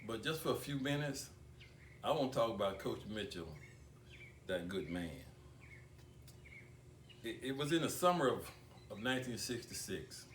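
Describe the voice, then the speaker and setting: An older man giving a tribute speech at an awards ceremony, talking deliberately with repeated words and long pauses. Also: mid-range voice, animated, a little hiss or hum. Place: banquet hall. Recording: echoey room picked up from far off.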